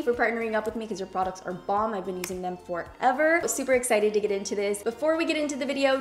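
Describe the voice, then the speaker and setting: An enthusiastic young woman with no accent, chatting casually as she demonstrates a makeup look to her viewers. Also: on the high side. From Hispanic background, speaks without Spanish accent. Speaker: beauty YouTuber. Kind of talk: makeup tutorial talk.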